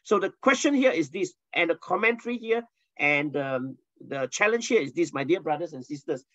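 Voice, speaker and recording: A man's voice: a little high, moderate pace, no room sound. A man teaching a Bible lesson as a pastor, telling stories with energy and asking the listeners questions. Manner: animated storyteller, asks the listeners questions. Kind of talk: sermon teaching.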